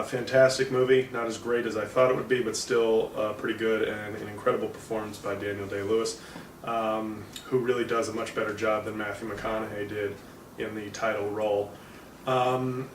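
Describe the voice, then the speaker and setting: A male comedian giving a casual, rambling movie review, full of fillers and self-corrections. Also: on the low side. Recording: roomy, distant mic, faint background noise.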